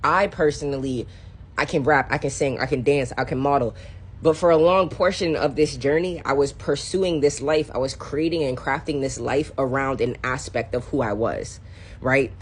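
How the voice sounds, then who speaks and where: A woman's voice: very deep voice, moderate pace, a little hiss or hum. A young woman talking in an emotional, rambling confessional vlog, slangy and repetitive. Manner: animated, rambling, slangy, repeats phrases. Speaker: spiritual content creator.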